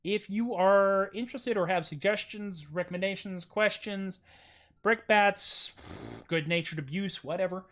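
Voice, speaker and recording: A man's voice: high voice, a little slow, a bit bright. American guy chatting on his home stream, goofy and self-mocking, voice jumps way up on jokes. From United States. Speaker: streaming musician host. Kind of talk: casual livestream chat.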